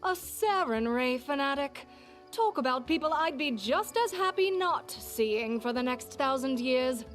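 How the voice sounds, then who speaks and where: An actress voicing a scornful, aloof undead elven woman in a game, speaking slowly and with disdain. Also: high voice, lively intonation, faint music behind. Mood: contemptuous. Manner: disdainful, drawn-out. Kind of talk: game character bark.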